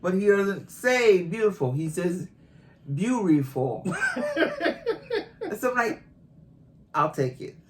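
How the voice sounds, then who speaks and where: A woman in her 50s from Boston, with a Boston accent, chats casually on the couple's channel she shares with her husband, teasing him and laughing often. Her medium-pitched voice is expressive and slow, with long pauses, and there is background noise.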